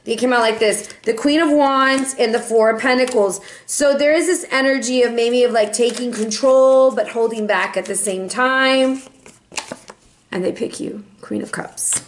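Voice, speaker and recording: A chatty woman reads tarot in a playful, easygoing way, her voice sitting a little high. The room is echoey, with a faint hiss behind her. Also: moderate pace. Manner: chatty and playful, sings and meows in bursts. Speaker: tarot reader. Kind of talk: casual tarot reading.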